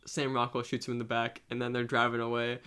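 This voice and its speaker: A young man co-hosting a podcast, talking casually about a film in a relaxed, rambling way with many fillers. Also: medium pitch, fast, smooth. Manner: relaxed, many fillers like "like", quotes lines in raised voice. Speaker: podcast co-host.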